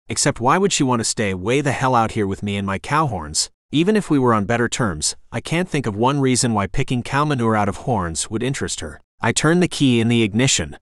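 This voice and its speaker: A young man narrating an audiobook in the first person, with an expressive, conversational storytelling manner. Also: mid-range voice, no echo, studio quality.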